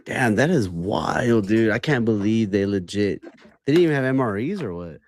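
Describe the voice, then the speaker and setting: A man's voice: fairly low pitch, expressive, moderate pace, a little hiss or hum. A young man hosting a podcast, laid-back, reacting with short comments and lots of "dude.". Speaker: podcast host. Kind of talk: casual chat.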